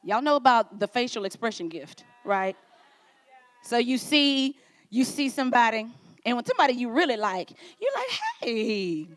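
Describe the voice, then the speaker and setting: A woman pastor preaching at a conference, playful and animated, acting out little quoted exchanges. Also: on the high side, moderate pace. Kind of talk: sermon. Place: conference stage.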